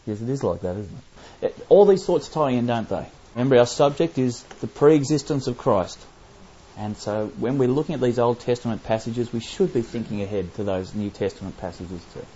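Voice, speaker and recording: A man's voice: mid-range voice, fairly quick, warm tone, husky. A man teaching a Bible study, explaining passages and asking his listeners rhetorical questions. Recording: dull lo-fi recording.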